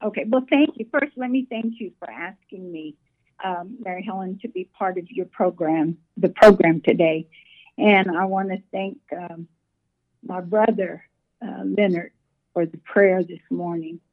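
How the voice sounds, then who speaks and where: Soft-spoken older woman on phone. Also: fairly low pitch, unhurried. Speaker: guest elder. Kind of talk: phone interview. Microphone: phone call. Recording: phone line.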